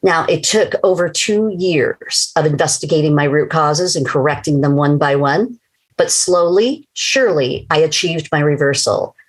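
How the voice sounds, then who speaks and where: A woman's voice: deep voice, expressive, moderate pace, low-quality recording. An older woman telling her personal story in an earnest, emotional way, as a scripted testimony.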